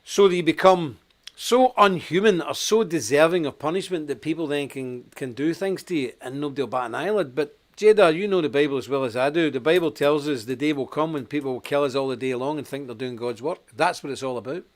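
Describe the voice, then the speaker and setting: A man's voice: a little high, a little fast. Blunt, emphatic male talk show host. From Scotland. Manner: blunt, emphatic, laughs at his own stories. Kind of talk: live online talk show chat.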